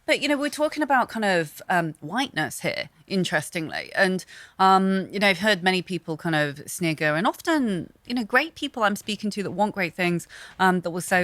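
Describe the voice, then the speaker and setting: Woman, lowish voice, dry close sound, podcast guest, quick animated talk, lots of ums. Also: no room sound. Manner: fast, animated talker with many fillers. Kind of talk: casual podcast conversation.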